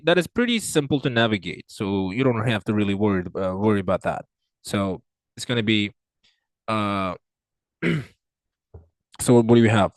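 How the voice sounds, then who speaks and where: A man teaching an exam reading lesson, working through answers aloud with frequent fillers, restarts and swings in pitch and loudness. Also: no echo. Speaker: IELTS tutor. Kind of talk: screen-recorded reading lesson.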